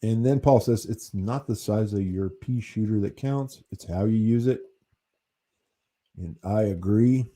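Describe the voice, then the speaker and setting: An American man talks to his viewers in a loose, rambling livestream chat, with casual swearing. His voice is very dark and mellow with a husky edge. He takes his time, speaking at an unhurried, slow pace. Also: on the low side. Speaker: channel host reading chat.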